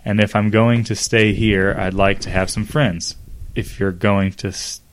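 With a lowish, fairly bright voice and fairly even intonation, this man reads fan fiction for a comedy podcast at a moderate pace. He acts out the characters' lines with dramatic flair and keeps breaking into laughter and side comments.

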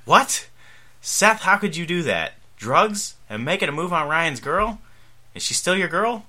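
A man's voice: fairly low pitch, very animated, moderate pace, pushed and bright, voice pushed down, heavily acted. A man reading fan fiction aloud and voicing a wry, easygoing father. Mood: quipping. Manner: wry, quipping. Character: easygoing joking adult dad Sandy.

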